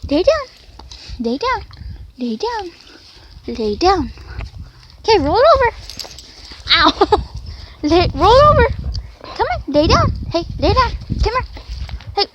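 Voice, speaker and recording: Woman vlogger, very high voice, coaxing dog-training demo, faint background hiss. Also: very animated, takes it slowly, pauses often, dull audio. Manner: coaxing commands to a dog between explanations. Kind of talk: casual training demonstration.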